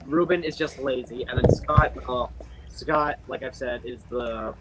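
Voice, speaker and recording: A man's voice: medium pitch, measured pace, over a noisy crowd, poor audio. A young man chatting casually on a group call, rambling with lots of fillers and restarts. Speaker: channel host.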